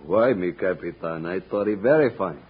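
A man's voice: deep voice, animated, normal speed, slightly rough, exaggerated voice. An actor playing a sly knife-wielding henchman in a 1950s radio drama. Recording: dull lo-fi old radio recording with faint hiss.

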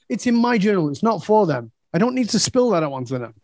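A blunt, emphatic man speaks candidly as a podcast guest, swearing without hesitation as he makes his points. His voice sits a little high for a man, and the sound is dry and close. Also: big pitch swings, fast talker, darkish tone, dry recording. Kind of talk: candid personal storytelling.

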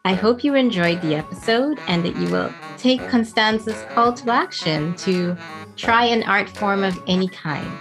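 A woman hosting a health podcast who affirms her guest with short, warm replies and sums up what she hears. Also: medium pitch, moderate pace, music in the background. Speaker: podcast host. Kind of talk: interview hosting.

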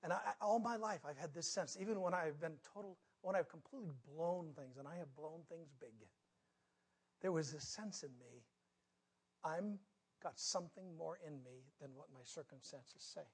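A man preaching a sermon, telling a personal story with big swings between loud outbursts and hushed moments. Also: fairly high pitch, normal speed, breathy edge. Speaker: pastor.

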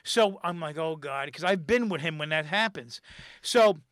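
A middle-aged man telling a comedy-club story in casual chat, animated and rambling, acting out the voices of the people in it. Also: on the high side, normal speed, dry recording. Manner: animated, acts out quotes and voices, rambling restarts.

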